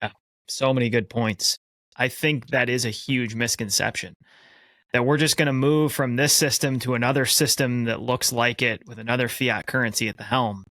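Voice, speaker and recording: A man's voice: mid-range voice, steady tone, normal speed, a bit bright, no room sound. Earnest male podcast co-host. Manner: earnest, reads a quoted passage aloud. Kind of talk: casual podcast conversation.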